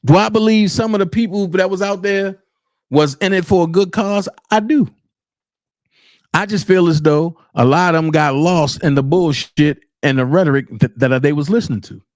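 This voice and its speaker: Male commentary host with a high voice, blunt and profane, dry close-miked sound. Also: normal speed, a little mellow, dry recording. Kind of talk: unscripted commentary rant.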